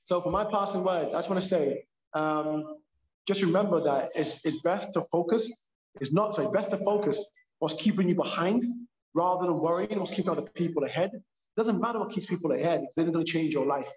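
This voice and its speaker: A man with a London accent, a purpose coach talking as a podcast guest in an animated, emphatic way. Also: on the high side, brisk. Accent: London English. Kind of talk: casual podcast conversation. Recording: echoey, dull lo-fi sound.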